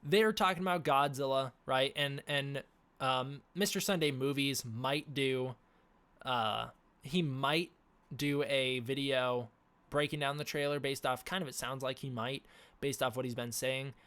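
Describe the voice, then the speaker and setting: A man's voice: medium pitch, a little slow, fairly bright tone, smooth. A man hosting a casual livestream, ranting animatedly with many fillers and restarts, his throat sore and scratchy. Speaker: livestream host.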